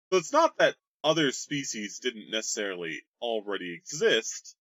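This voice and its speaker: A man's voice: mid-range voice, big pitch swings, normal speed, a bit bright, no echo. A man rambling through his tabletop campaign's history in a casual, joking way, with crude humor. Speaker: game master. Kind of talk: casual worldbuilding explainer.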